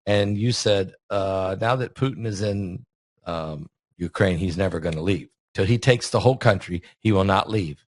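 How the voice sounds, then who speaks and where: A man's voice: sits low, moderate pace, no echo, clean studio sound. A man hosting a casual conversation, chatty and asking leading questions. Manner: chatty, asks leading questions, many fillers. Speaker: host and preacher.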